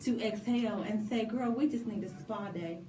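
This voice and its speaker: A woman co-hosting a casual radio talk show, speaking in a lively, preachy way with laughing asides. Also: medium pitch, normal speed, crowd noise. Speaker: co-host. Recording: echoey room from a distant mic.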